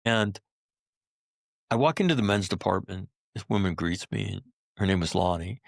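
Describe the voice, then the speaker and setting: This is a middle-aged man on a podcast telling emotional personal stories. His voice is low and gravelly. He speaks bluntly, swears freely and keeps asking "right?", and the recording is close and dry. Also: normal speed, no room sound. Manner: blunt and profane, leans on "right?" and "you know". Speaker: podcast guest, Marine veteran.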